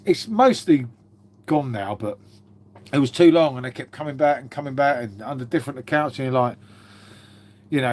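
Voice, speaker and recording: A man chatting casually on a live stream, swearing freely and calling his viewers mate. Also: medium pitch.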